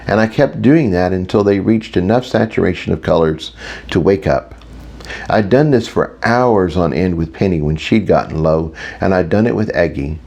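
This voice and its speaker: A man with a very low, deep voice narrates a first-person audiobook. His delivery is wry and self-mocking, like someone talking through his own thoughts. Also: normal speed, gravelly, darkish tone.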